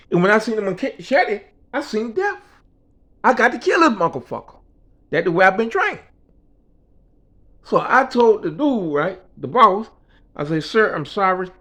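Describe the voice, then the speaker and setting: A man telling a personal story in a casual, slangy and profane way, acting out the voices of the people in it. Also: high voice. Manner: animated, slangy and profane, acts out quoted voices.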